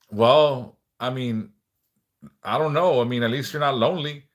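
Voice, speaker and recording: Man, livestream host, casual prayer talk, relaxed, occasional word repeats, swears. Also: medium pitch, normal speed. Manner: relaxed, swears casually, reads chat aloud; speaks of stuttering, some word repeats.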